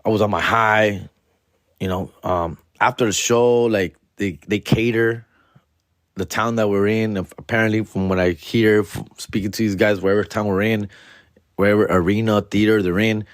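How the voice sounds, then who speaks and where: Animated profane comedian telling a story. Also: male voice, on the low side, normal speed, no room sound, clean studio sound. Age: adult, father. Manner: animated, profane, slangy, acts out quotes. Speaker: comedian, podcast host. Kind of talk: casual storytelling.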